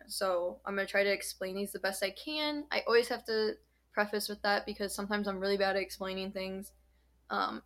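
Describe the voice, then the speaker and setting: A woman's voice: mid-range voice, fairly bright tone. A young woman co-hosting a podcast, explaining a study in a chatty way with lots of fillers. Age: young adult. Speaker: podcast co-host. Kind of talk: casual podcast chat.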